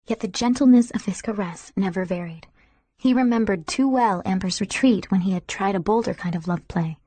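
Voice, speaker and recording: Woman audiobook narrator, soft and intimate with a mellow, breathy tone and a dry sound. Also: mid-range voice, a little fast, no room sound. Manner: soft, intimate, sometimes whispering.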